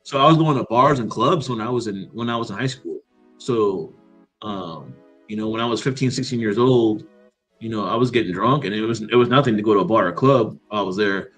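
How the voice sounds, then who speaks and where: A man in casual chat, telling stories in an animated way, laughing and swearing freely. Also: fairly low pitch, brisk, faint music behind.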